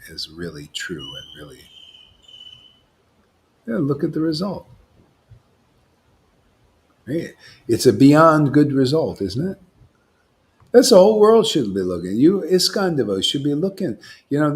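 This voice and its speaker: A man giving an informal devotional sermon as a spiritual teacher, rambling and emphatic, often acting out what imagined listeners say. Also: mid-range voice.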